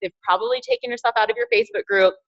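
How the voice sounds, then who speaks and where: A woman's voice: medium pitch, fairly even intonation, racing, a bit bright, highs cut off. A woman giving an upbeat motivational training talk as a team trainer, encouraging her listeners and repeating key phrases.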